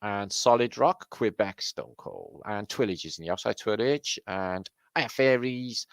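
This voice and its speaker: A man's voice: on the low side, expressive, a little slow, gravelly, dry recording. A man with a Welsh accent hosting a casual livestream, greeting viewers by name with jokey, sweary banter. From Wales. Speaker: livestream host.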